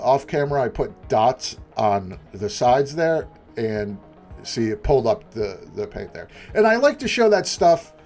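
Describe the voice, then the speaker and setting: A man at a middling pitch talking through a hobby build as voice-over. He rambles cheerfully, backtracks and restarts sentences, and pokes fun at himself. Faint music plays underneath. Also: a little mellow. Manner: chatty, self-deprecating, rambling with restarts. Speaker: prop maker. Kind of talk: tutorial voice-over narration.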